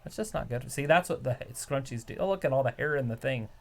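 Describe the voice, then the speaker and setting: A woman's voice: extremely low pitch, animated, fast talker, a little mellow. A woman co-hosting a casual live reaction chat, giving wry running commentary with trivia asides. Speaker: co-host reacting to a wrestling show.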